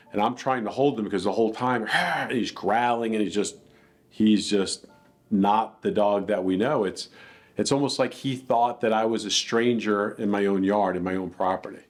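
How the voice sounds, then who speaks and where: A man's voice: lowish voice, normal speed, soft background music. A man earnestly telling a personal account in a plainspoken, reflective way. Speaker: dog attack victim telling his story.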